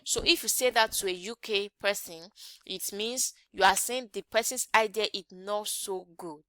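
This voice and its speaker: A woman's voice: mid-range voice, moderate pace, bright, forceful tone, no room sound. A woman teaching an English grammar lesson online, often checking in with rhetorical questions.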